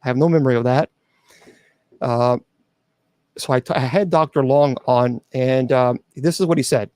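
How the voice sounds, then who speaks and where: A man's voice: mid-range voice, normal speed, mellow, dry recording. A middle-aged man hosting a show, earnestly telling a personal story to his audience with frequent restarts and fillers. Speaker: host.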